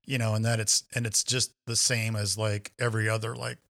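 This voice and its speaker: This man's voice is lowish, brisk, and marked by vocal fry as he tells a story on a podcast in a casual exchange. Animated throughout, he acts out the quoted voices of the people in it.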